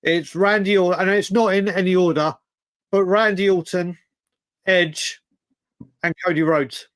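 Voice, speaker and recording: A high-pitched man chats on a livestream, excitable and quick to laugh. His voice sits close and dry on the mic, with no room sound around it. He keeps repeating himself as he gets carried away. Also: no echo. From United Kingdom. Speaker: livestream host. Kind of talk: casual chat.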